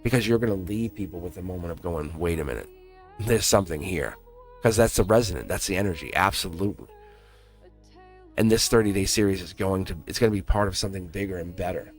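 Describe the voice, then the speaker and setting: A man's voice: deep voice, fast talker, faint music behind. A man giving a live-streamed tarot reading in an earnest way, repeating himself and laughing often. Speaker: tarot reader.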